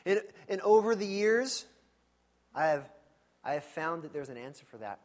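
A man preaching a sermon in a church, in a conversational and animated storytelling manner with frequent asides. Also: a little high, moderate pace. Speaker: pastor.

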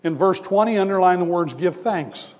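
A man preaching a sermon as a pastor, teaching with emphatic contrasts and slowing down to stress his points. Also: high voice, darkish tone. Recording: long reverb of a large hall.

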